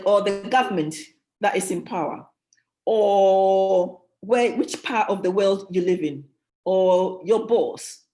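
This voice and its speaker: A woman's voice: mid-range voice, mellow. A woman giving a motivational leadership teaching at a church, emphatic, repeating key phrases and restarting her sentences.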